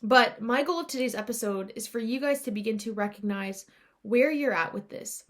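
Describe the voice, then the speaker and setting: A woman's voice: a little high, moderate pace. A young adult woman hosting a podcast, talking earnestly and confessionally to her listeners. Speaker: podcast host. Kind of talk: personal reflective podcast talk.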